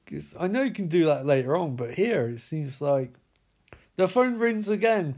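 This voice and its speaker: A man's voice: sits high, big pitch swings, moderate pace, a little mellow, breathy edge. A man giving a comedic film recap, sarcastic, incredulous and full of swearing. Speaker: movie recap commentator.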